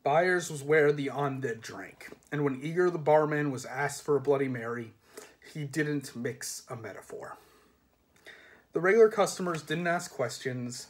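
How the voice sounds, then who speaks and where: A man reading a comic fantasy novel aloud in a measured, dry storytelling manner. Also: on the high side. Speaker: reader.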